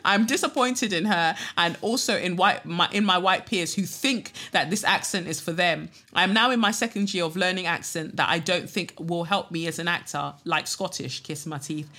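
A woman hosting a podcast, reading a listener's letter aloud with expressive delivery and dry asides. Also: lowish voice, moderate pace, hardly any pauses.

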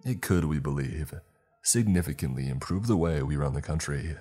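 Guy reading a proud smug official, very deep husky voice, lecturing calmly, music behind. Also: normal speed, heavily acted. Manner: smooth, self-assured, lecturing. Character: beaming smug male official, secretive and proud. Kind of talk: read-aloud dialogue in a horror story.

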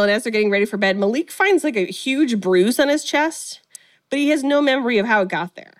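A woman's voice: fairly high pitch, brisk. Woman retelling a movie plot to a friend, chatty, keeps saying like, acts out lines. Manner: animated storytelling, acts out quotes, frequent "like". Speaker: podcast co-host recapping a film. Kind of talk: casual chat.

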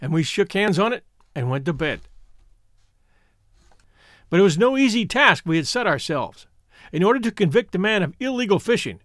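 A man narrating a classic adventure story in an expressive, animated way. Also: high-pitched, no room sound, studio quality. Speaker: audiobook narrator.

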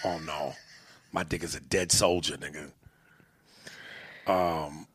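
A man's voice: a bass voice, fairly even intonation, slow pace, long pauses, fairly bright tone, breathy edge, no echo, clean studio sound. A man co-hosting a casual podcast, joking loosely and swearing often while he reads listener mail. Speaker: podcast co-host.

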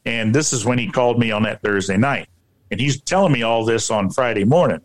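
A paranormal researcher with a mid-range voice shares a personal story haltingly. He often repeats himself and fills the gaps with "you know."

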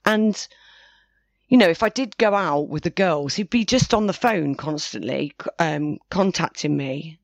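A woman interviewee with a deep voice tells a personal story casually and a little slowly, with no echo. Her account rambles, full of frequent restarts and self-corrections.

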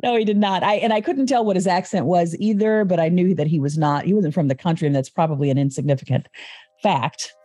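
A woman guest in a casual chat, telling her story in a halting, chatty way with frequent restarts. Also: on the low side, mellow, no room sound.

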